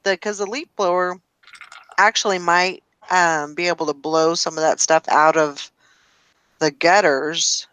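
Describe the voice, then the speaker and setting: A woman's voice: lowish voice, fairly even intonation, unhurried, fairly bright tone, clear, resonant tone, dry recording. Rambling woman host, dry close sound. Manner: rambling, self-deprecating. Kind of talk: casual chat.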